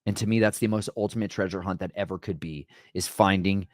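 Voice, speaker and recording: Male host, lower register, dry close sound; casual, emphatic Bible storyteller. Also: steady tone, brisk, dry recording. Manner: conversational, keeps asking "right?"; emphatic and dramatic. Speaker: podcast host.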